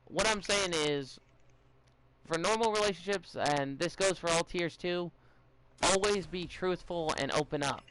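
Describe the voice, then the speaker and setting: Young guy rambling on a podcast, kinda scattered, keeps restarting, slightly high voice. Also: noisy background. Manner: rambling, halting with many fillers and restarts. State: a bit out of it, stuttering. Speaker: podcast host giving advice. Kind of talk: casual podcast chat.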